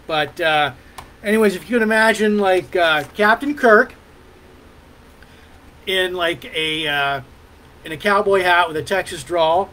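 High-voiced rambling livestream host. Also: male voice, measured pace, long pauses, pushed and bright, a little hiss or hum, low-quality recording. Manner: rambling, many fillers and restarts. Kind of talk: casual livestream chat.

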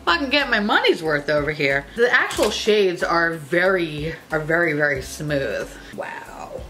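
A young woman reviewing makeup in a casual vlog, excitable and profane, gushing over products. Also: sits low, normal speed, faint music behind. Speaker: beauty YouTuber.

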